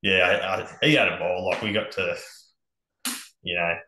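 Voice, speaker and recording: An Australian man spinning yarns as a podcast guest, his voice bright and forward in a roomy space. He talks in a laid-back way, swearing freely and chuckling along. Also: low voice, fairly even intonation, normal speed, a little hiss or hum. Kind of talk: casual storytelling on a podcast.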